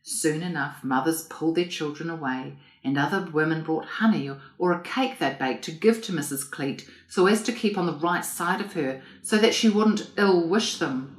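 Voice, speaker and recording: A woman reading an audiobook, voicing a calm, troubled male country doctor who explains things patiently. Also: sits low, moderate pace, hardly any pauses, lightly acted. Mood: grave. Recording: roomy echo.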